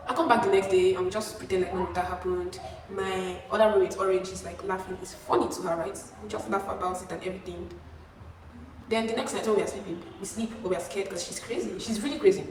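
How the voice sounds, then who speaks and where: Animated young woman, echoey room. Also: quick pace. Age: young adult. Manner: animated, acting out quotes with sudden pitch jumps. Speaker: vlogger. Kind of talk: storytime vlog. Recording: echoey room, far from mic, faint hiss.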